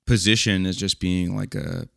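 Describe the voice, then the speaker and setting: A man's voice: fairly even intonation, moderate pace, vocal fry, bright, forceful tone, no echo, studio quality. A man co-hosting a podcast in loose, joking casual chat. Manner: loose, joking, swings pitch widely. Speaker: podcast co-host.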